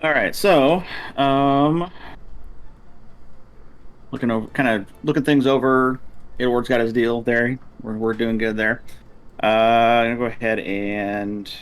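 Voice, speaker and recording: A man's voice: medium pitch, fairly even intonation, unhurried, long pauses, clean tone. A man playing a tabletop game, hesitantly thinking aloud about his move. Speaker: player. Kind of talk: casual tabletop play.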